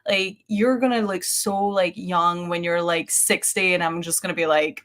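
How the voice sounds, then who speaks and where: A woman's voice: lowish voice, fairly even intonation, moderate pace, fairly bright tone. A young woman co-hosting a paranormal show, chatting casually on a live stream with lots of "like" and laughing. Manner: chatty, heavy use of "like", frequent laughter.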